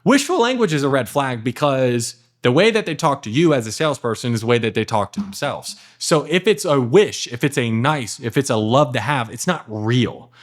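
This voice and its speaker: A man giving a casual, energetic sales lesson at his computer, talking fast with lots of fillers and acting out sales calls. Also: mid-range voice. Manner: energetic, emphatic, acts out sales dialogue with many "like" and "okay" fillers. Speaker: sales trainer. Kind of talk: casual instructional talk to camera.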